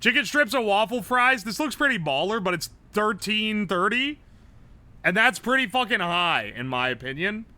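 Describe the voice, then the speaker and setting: A male streamer talks through a game live in a fairly high voice that jumps around a lot. His reactions are blunt, quick and sprinkled with swearing. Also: big pitch swings, bright, forceful tone, dry recording. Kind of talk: live-stream gameplay commentary.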